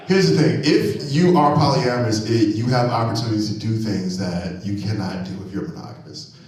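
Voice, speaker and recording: A man doing a stand-up comedy set on stage, animated and loud on punchlines, laughing at his own jokes. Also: medium pitch, fairly quick, slight background noise. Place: comedy venue stage, live audience. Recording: very echoey hall, mic from far off.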